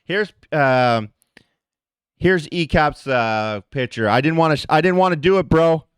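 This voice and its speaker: On his livestream, a man vents in a heated, profane rant aimed right at his chat. His voice sits on the high side and is expressive yet unhurried, with a clean tone and no room sound.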